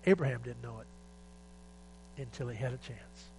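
A man preaching a sermon, moving between loud urgent exhortation and quiet, emotional retelling of a scripture story. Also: mid-range voice, moderate pace, poor audio. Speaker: pastor. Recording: faint mains hum.

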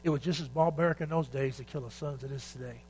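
A man preaching a sermon, moving between loud urgent exhortation and quiet, emotional retelling of a scripture story. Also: mid-range voice, fast talker, poor audio. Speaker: pastor. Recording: faint mains hum.

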